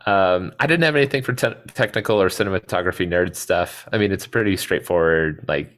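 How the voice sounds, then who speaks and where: Male podcast co-host, deep voice, hesitant rambling delivery. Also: fairly quick, fairly bright tone. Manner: rambling, hesitant, many fillers and restarts. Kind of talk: casual movie chat.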